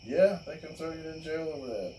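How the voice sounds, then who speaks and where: A man's voice: a little high, expressive, fairly quick, dark tone, far from the mic, slight background noise, low-quality recording. A man hosting a casual podcast chat, ranting bluntly and profanely. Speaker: show host.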